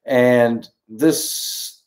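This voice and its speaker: A man's voice: medium pitch, very slow. A man co-hosting a casual chat show, telling stories and acting out the people in them. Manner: animated storyteller, acts out dialogue. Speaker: show co-host.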